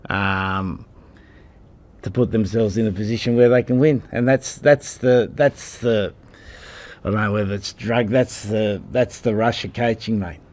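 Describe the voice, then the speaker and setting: A man's voice: on the low side, fairly even intonation, a little slow, a little mellow. A man in his sixties from Australia, a rugby head coach answering at a press conference in a blunt, combative way, calling people mate.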